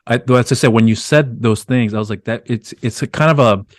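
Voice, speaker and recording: A man's voice: mid-range voice, fairly quick, dry recording, studio quality. A man hosting a podcast interview, talking in loose, rambling sentences. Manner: rambling, many restarts and fillers. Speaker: podcast host. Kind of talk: casual interview chat.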